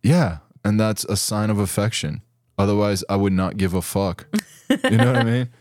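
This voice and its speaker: A man from Brazil, co-hosting a podcast, drops low-pitched crude jokes and swears constantly. The recording is dry and close, with no room sound. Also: moderate pace, darkish tone, no echo. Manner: crude, teasing, heavy swearing. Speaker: podcast co-host. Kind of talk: casual chat.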